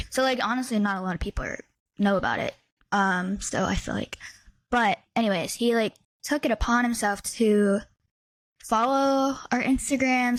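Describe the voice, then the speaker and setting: Lively young woman podcast co-host, dry sound. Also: fairly high pitch, no room sound. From Midwestern United States. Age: 20s. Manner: animated storytelling, heavy use of "like". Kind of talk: casual chat.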